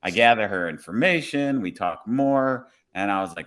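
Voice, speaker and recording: Man, lowish voice, police officer, relaxed podcast storyteller who acts out his own lines. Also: moderate pace, few pauses.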